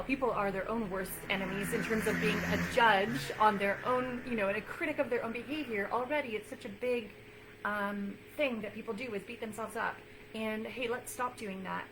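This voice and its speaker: Woman coach chatting to camera, earnest n encouraging, lots of um and you know, faint hiss behind. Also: fairly high pitch. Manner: earnest, encouraging, many fillers; repeats phrases for emphasis. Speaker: nutrition coach. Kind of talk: casual talk to camera.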